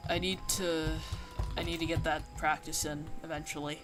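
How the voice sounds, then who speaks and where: Over game music, a woman streamer rambles through casual chat packed with fillers, occasionally breaking into yelps at the game. Her voice is low with a flat delivery at normal speed, and she worries it sounds nasal.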